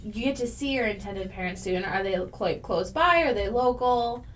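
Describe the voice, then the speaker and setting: A woman's voice: mid-range voice, lively intonation, moderate pace. A woman co-hosting a podcast, asking questions and reacting with gushing support. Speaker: podcast co-host. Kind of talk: casual interview chat.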